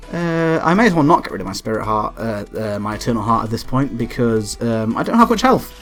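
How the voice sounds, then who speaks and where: A young man giving let's play commentary, excitable, swearing and yelping at the game when frustrated. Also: mid-range voice, brisk, hardly any pauses, faint music behind. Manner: swears and laughs often. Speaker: gameplay commentator.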